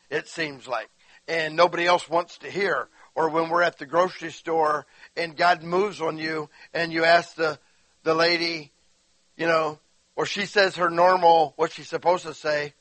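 A pastor delivers a chatty sermon, breaking into animated retellings of his conversations and asking the congregation questions. His voice sits high and rings bright and forceful. The sound is dry and close. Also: no room sound, poor audio. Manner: animated storytelling, acts out quotes; conversational, addresses listeners directly.

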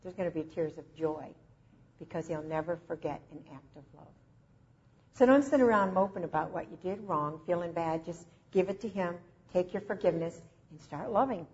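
A woman's voice: on the low side, a little mellow, lo-fi sound. Emotive woman preaching a sermon. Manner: emotive, slow emphatic phrasing.

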